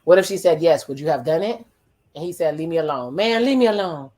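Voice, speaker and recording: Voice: mid-range voice, dark tone. Profane, wry watch-along commentator. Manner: profane, retells dialogue in quick quoted voices; wry asides and exclamations. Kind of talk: casual reaction commentary.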